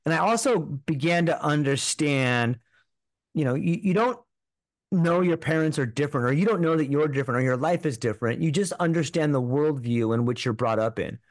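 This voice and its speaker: A man's voice: fairly high pitch, brisk, no room sound. A man telling a personal story as a podcast guest, in an earnest, rambling way full of filler words.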